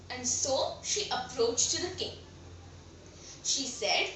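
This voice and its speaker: High bright woman telling a story. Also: takes it slowly. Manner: lively, acts out characters with loud exclamations. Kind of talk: storytelling narration. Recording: echoey room, voice a bit far from mic.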